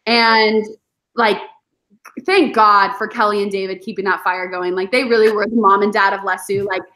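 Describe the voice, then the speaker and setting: A woman, a guest on a podcast, telling animated stories in casual chat and acting out her past self. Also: medium pitch, moderate pace. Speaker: podcast guest, former reality show contestant.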